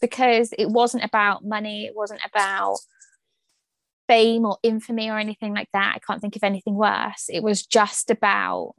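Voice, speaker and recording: A woman's voice: medium pitch, level tone, moderate pace, gravelly, fairly bright tone, no echo. A woman hosting an interview, chatty and joking, often poking fun at herself. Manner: chatty, joking, self-deprecating. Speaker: interview host. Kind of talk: casual interview chat.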